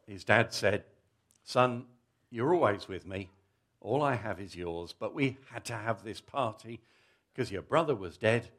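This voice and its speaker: A man's voice: fairly low pitch, expressive, unhurried, a bit bright. A middle-aged man preaching a Father's Day family sermon, telling a story vividly and coaxing children to act it out.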